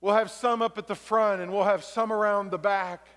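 High-voiced preaching man in a hall. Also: steady tone, normal speed. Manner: builds from quiet reflection to shouted exhortation. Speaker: pastor. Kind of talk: sermon. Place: church sanctuary. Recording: long reverb of a large hall.

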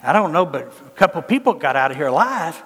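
A man's voice: on the high side, very animated, quick pace, a bit bright, breathy edge, in a large hall. A man preaching a fervent, folksy, humorous sermon. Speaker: pastor.

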